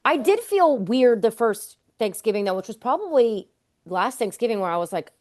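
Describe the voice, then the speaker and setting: A woman's voice: fairly high pitch, very animated, moderate pace, a little mellow. A woman hosting a podcast, talking candidly and casually, often trailing off with fillers. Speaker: podcast host. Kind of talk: casual conversation.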